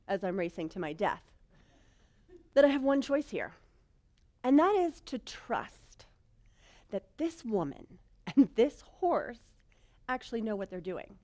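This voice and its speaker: A woman telling a personal story in a talk, animated and self-mocking, swinging between hushed lines and loud bursts. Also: fairly high pitch. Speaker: speaker.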